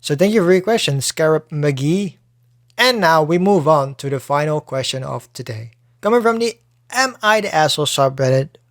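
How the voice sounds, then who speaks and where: A man's voice: a little high, no echo, studio quality. A man hosting a solo podcast in casual chat, talking loosely with plenty of swearing and restarts. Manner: loose and profane, frequent restarts. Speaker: podcast host.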